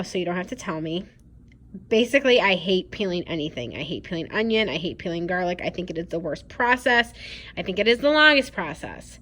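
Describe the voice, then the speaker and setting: A woman's voice: mid-range voice, a bit bright. A woman in her twenties chatting to her viewers as she walks them through a recipe in her home kitchen, upbeat and casual. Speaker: lifestyle vlogger. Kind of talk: casual cooking vlog.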